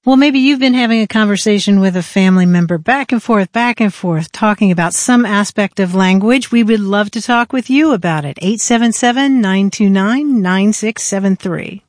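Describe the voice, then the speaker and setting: A woman's voice: medium pitch, normal speed, hardly any pauses, no room sound, studio quality. A woman co-hosting a call-in radio show, chatting with callers in a friendly way. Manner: friendly, conversational, welcomes callers.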